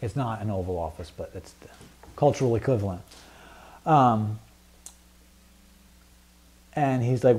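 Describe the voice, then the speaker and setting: A man's voice: on the low side, measured pace, pauses often, darkish tone, breathy edge. A man teaching a Bible study group in a casual, conversational way, with many fillers and frequent questions to the class.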